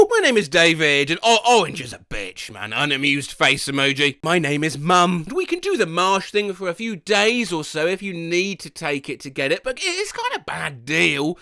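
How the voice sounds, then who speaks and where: A man reading out nonsense phone autocomplete sentences for comedy, in a theatrical voice with sudden shouts and bewildered asides. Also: a little high, big pitch swings, moderate pace, hardly any pauses, faint music behind. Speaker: comedy video creator.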